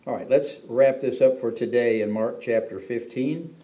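Man, pastor, sermon with scripture reading, mellow warm tone, emphatic rises. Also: moderate pace, poor audio. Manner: reads scripture then explains it, with frequent emphatic pitch rises.

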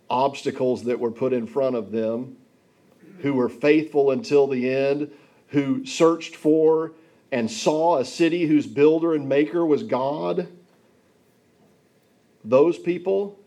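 Male preacher, middle-aged, deliberate sermon delivery, low-key and slow. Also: warm tone. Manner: slow, deliberate Bible teaching with scripture readings.

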